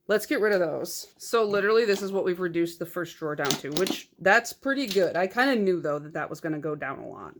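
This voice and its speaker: A woman's voice: fairly low pitch, background noise. A woman in a casual vlog, chatting through her nail polish collection in a rambling, filler-heavy way. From United States.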